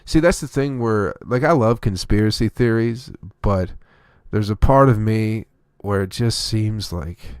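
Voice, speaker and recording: A man's voice: fairly low pitch, clear, resonant tone, no echo, clean studio sound. A man hosting his own comedy podcast, delivering a rambling, profane, opinionated solo rant.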